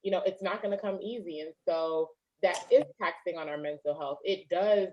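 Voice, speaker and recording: A woman's voice: fairly low pitch, normal speed. A woman on a panel, speaking in a reflective, conversational way. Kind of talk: casual panel discussion. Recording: dull lo-fi audio.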